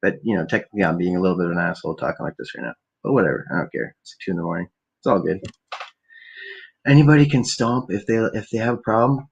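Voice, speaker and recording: A man's voice: sits low, expressive, fast, gravelly, dull audio, slight background noise. A man hosting a rambling late-night solo podcast at home on a laptop, swearing constantly and talking while stoned. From Canada. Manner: profane, rambling, stoned, ranting. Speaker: podcast host. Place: home at night, keeping quiet for neighbors.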